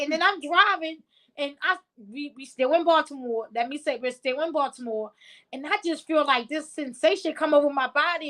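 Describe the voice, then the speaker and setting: Podcast host: woman, high and bright, lively storyteller who laughs a lot. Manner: lively, laughs often, colloquial. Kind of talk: casual chat, animated storytelling.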